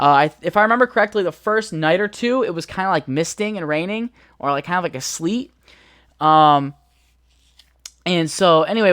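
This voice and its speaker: A man's voice: a little high, fairly bright tone, no echo, studio quality. A young man hosting a podcast, telling a rambling story in a laid-back, profane way full of fillers. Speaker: podcast host. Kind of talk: casual storytelling.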